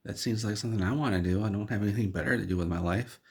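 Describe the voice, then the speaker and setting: A man's voice: on the low side, rapid-fire, gravelly, breathy edge. A man voicing a confused visitor at a sideshow, who talks in a hesitant, bewildered way.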